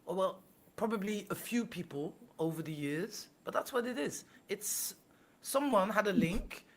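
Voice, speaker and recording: A woman guest on a live stream, speaking earnestly in a halting way, often restarting her sentences. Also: medium pitch, lively intonation. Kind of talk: casual chat.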